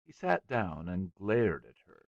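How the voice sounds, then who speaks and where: Slow, gravelly male audiobook narrator. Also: low voice, dry recording, lo-fi sound. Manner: measured, expressive reading. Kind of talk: scripted narration.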